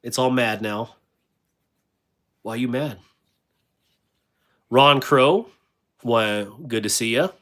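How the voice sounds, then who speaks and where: A man's voice: medium pitch, slow, pauses often, a bit bright. Rambling man hosting a casual livestream. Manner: rambling, with many fillers and restarts; reads viewer comments aloud and answers them. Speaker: livestream host.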